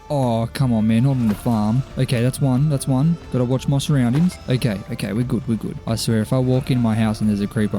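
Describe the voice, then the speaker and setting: A young man giving excited commentary on his survival game, gasping, pleading and chatting to his viewers as he plays. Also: medium pitch. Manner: animated, talks to the viewers, gasps and pleads with mobs. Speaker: gaming YouTuber. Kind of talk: excited Minecraft let's-play commentary. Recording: gaming commentary over faint background music.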